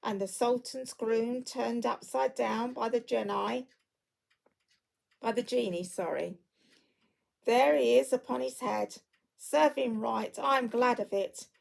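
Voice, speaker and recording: A woman voicing an elderly miserly man, excitable and near tears, exclaiming between laughing and crying. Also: medium pitch, normal speed, gravelly, natural voice, rough recording. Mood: excited. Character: elderly man, miserly yet giddy and tearful.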